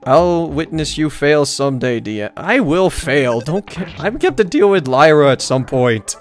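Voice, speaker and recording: A man's voice: fairly high pitch, expressive, moderate pace, faint music behind. Joking man streaming a game. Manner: joking, rambling, mild swearing. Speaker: let's-play streamer. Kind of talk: casual live gameplay commentary.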